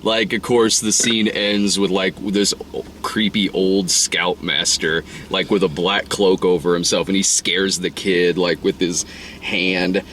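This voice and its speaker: A man co-hosting a casual movie review chat, rambling and swearing, often laughing and putting on high voices to act out scenes. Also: flat delivery, a little slow, fairly bright tone, a little hiss or hum. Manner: rambling, profane, laughs often, acts out lines in falsetto. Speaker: podcast co-host reviewing a movie.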